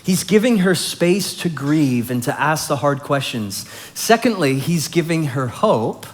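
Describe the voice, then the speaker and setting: A man's voice: on the high side, animated, measured pace. A male pastor preaching a sermon, explaining scripture in a conversational way and building emphasis on key points.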